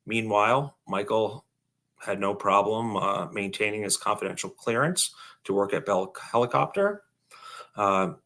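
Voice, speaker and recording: A man with a bright, forceful, fairly low voice co-hosts a casual podcast. He reads aloud from a book and stops often for ums, uhs and restarts. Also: a little slow. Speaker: podcast co-host. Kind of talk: casual podcast reading and discussion.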